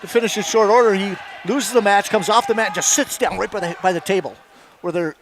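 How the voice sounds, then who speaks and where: Against a noisy background, a middle-aged man who used to coach commentates on wrestling in a high-pitched, slightly fast voice. He rambles through folksy anecdotes between the action, chuckling often.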